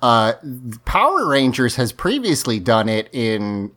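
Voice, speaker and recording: A man's voice: medium pitch, huge pitch swings, unhurried, a bit bright. A man hosting a casual podcast, recapping a TV episode in a loose, rambling way with many fillers. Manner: rambling, lots of fillers and restarts. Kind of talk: casual chat.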